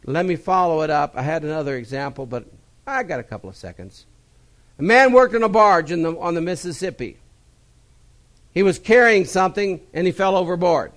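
A male pastor preaching a sermon in a folksy, personal way, repeating key phrases and swinging from loud emphasis to quiet, low asides. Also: lively intonation, normal speed.

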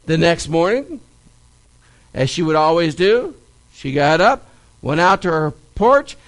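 A male preacher speaks in a high, lively voice that rises and falls widely. He talks slowly and leans on repeated phrases for emphasis. He delivers a sermon and Bible study in a church. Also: rough recording. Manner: animated storytelling, stressed repetitions.

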